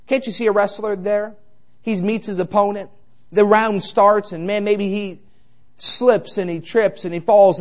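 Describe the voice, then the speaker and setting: Brief: male preacher with a high voice, chatty storyteller who builds to fervent appeals. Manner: storytelling, conversational, jokey then exhorting. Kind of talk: sermon.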